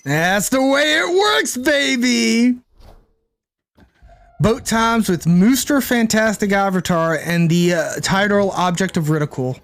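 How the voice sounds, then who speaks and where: Chatty young man with a high voice. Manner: chatty, thinks aloud, reads and answers chat. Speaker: game streamer. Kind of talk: casual live-stream commentary.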